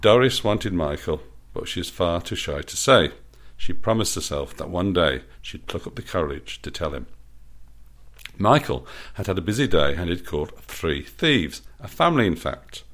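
A man's voice: deep voice, very animated, moderate pace, a bit bright. A man reading aloud his own playful story, with a self-amused manner.

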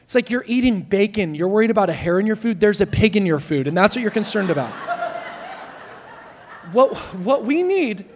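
Young male guest preacher, high voice, jokey storyteller, hall echo. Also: moderate pace, background noise. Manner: joking, self-deprecating, lively storytelling. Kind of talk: sermon. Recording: long hall reverb.

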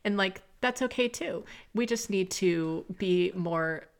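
A woman's voice: medium pitch, unhurried. A young woman hosting a casual solo podcast, talking candidly and confessionally with lots of fillers like "like" and "you know.". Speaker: podcast host.

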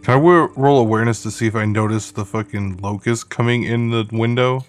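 A man's voice: mid-range voice, a little fast, faint music behind. A man playing a tabletop horror game, speaking casually about his character and asking about dice rolls. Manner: casual, asks rule questions. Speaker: player.

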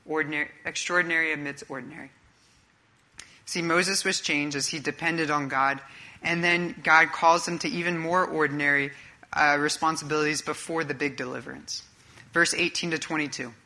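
Male pastor, conversational sermon, bright forward tone, searching questions. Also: a little high, steady tone, moderate pace. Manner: earnest, conversational preaching with rhetorical questions.

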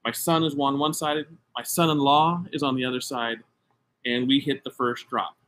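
Animated middle-aged male storyteller. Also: medium pitch, normal speed. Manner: animated storyteller, emphatic and self-mocking. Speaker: podcast co-host. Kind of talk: casual chat.

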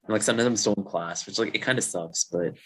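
A man's voice: fairly low pitch, fast, a little hiss or hum. A young man from Virginia, a podcast guest, chatting casually and rambling over a video call, with "like" in nearly every sentence. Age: young adult. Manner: relaxed, rambling, heavy use of "like". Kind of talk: casual chat. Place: dorm room.

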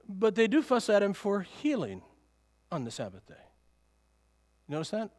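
A man's voice: high voice, in a large hall. A male pastor preaching a sermon in a conversational way, full of rhetorical questions and chuckling asides.

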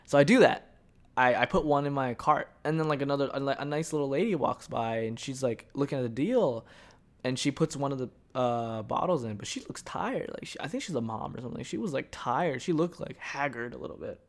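A young man talks alone into his podcast mic, meandering from story to story. He swears freely and jokes at his own expense, with a voice of ordinary pitch for a man. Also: a little fast. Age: young adult. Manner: rambling, profane, joking storytelling. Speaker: podcast host. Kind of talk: casual solo podcast monologue.

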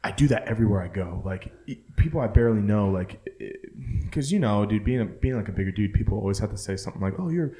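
A man's voice: lowish voice, quick pace, warm tone. A young man co-hosting a podcast, chatting casually, profane and rambling with lots of filler words. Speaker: podcast co-host. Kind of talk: casual chat.

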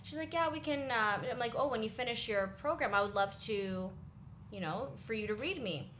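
A woman tells a personal story in lively casual chat, quoting others as she goes. Her voice carries a roomy echo. A faint hiss sits behind it. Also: on the high side, normal speed. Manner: animated storyteller who quotes others. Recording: roomy echo with light noise.

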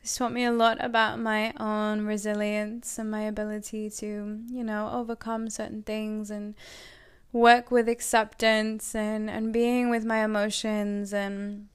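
A woman's voice: mid-range voice, little pitch movement, unhurried, clean tone. A young woman telling a personal story to her viewers in a chatty, earnest way, full of "like" and "you know" fillers. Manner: warm and earnest about her feelings. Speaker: vlogger.

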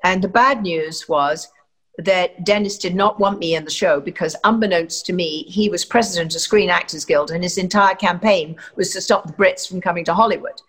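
Older english woman w/ southern standard accent, kinda low voice, rambling anecdotes full of ums. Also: normal speed. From England. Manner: chatty, many fillers and restarts. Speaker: actress guest. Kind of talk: anecdotal interview talk.

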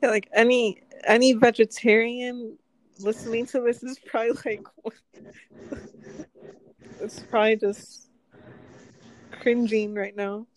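A woman co-hosting a casual podcast, pausing often with uh and um. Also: a little high, flat delivery, rough recording. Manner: hesitant, trailing with uh and um. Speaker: podcast co-host. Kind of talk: casual chat.

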